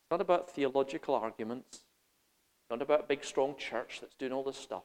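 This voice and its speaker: A man preaching a sermon, animated, swinging between loud emphasis and quiet intensity, laughing as he goes. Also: mid-range voice, fairly quick, long reverb tail.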